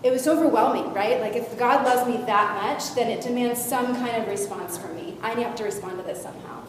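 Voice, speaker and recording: Guest speaker, woman, lively storytelling, reverberant hall with faint noise. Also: on the high side, a little fast. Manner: animated storytelling with lively shifts in loudness. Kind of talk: personal testimony to a youth audience.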